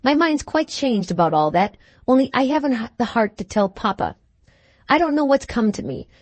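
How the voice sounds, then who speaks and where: A shy young daughter speaks gently, her words faltering as tears rise. A woman reads her in an audiobook, the sound dry and close. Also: fairly high pitch, big pitch swings, moderate pace, dry recording. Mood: tearful. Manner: faltering, soft-spoken. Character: tearful gentle teenage girl, timid daughter.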